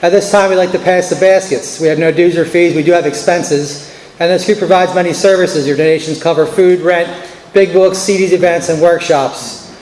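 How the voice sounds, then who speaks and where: Meeting chair, male, high voice, businesslike announcements; echoey room. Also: steady tone, moderate pace, a little mellow, slight background noise. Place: church meeting hall. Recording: echoey hall.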